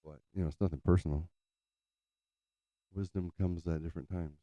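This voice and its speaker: A man's voice: sits low, steady tone, moderate pace, mellow, dry recording. A man from California telling a rambling story in casual, profane chat, full of fillers, as host of his show. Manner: loose, profane, chatty, trails off in filler. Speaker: podcast host.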